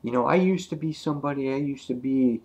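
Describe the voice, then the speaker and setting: A man's voice: mid-range voice, fast talker, dark tone, pitched above the performer's own voice, close to an everyday voice. A man voicing a jealous, resentful policeman in a slightly raised, complaining voice. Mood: bitter.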